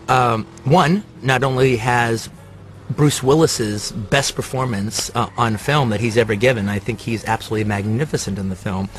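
A man's voice: mid-range voice, a bit bright, slight background noise. Rambling man ranking movies. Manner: rambling, enthusiastic, many fillers. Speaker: film reviewer. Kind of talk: casual movie-list commentary.

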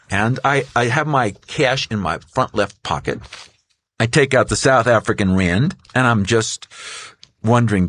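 A middle-aged man, an author and guest, telling an animated story in an interview and acting out other people's voices. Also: medium pitch, breathy edge, no room sound.

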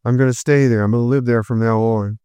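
A man's voice: medium pitch, steady tone, fast, warm tone, smooth, no room sound, lightly acted. A man voicing a subdued, stubborn twelve-year-old boy in a storybook reading. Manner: terse, subdued.

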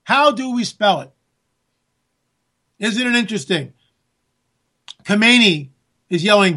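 A man giving a sarcastic, ranting political monologue that rises at times to near-shouts. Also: sits high, expressive, moderate pace, long pauses. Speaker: political commentator. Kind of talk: monologue commentary.

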